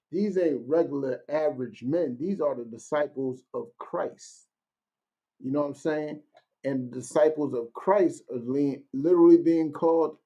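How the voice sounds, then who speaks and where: A man's voice: a little high, warm tone. Man teaching a casual Bible class. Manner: conversational, keeps asking "you know what I'm saying"; reads verses slowly and deliberately.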